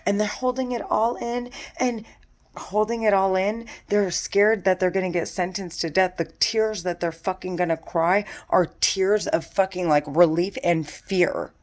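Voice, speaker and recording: A woman's voice: mid-range voice, fairly even intonation, a little slow. A distressed woman giving an angry, profane, repetitive monologue to camera, recorded at home in her condo. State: distressed and agitated. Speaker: vlogger.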